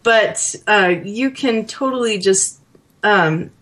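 A woman co-hosting a casual podcast chat about a video game, animated and laughing often, acting out characters. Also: medium pitch, slow pace. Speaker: podcast co-host.

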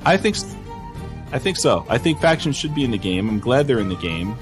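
A man's voice: medium pitch, fairly quick, over music. A man co-hosting a casual podcast chat, joking and laughing often. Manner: laughs often, jokey and animated. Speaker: podcast co-host.

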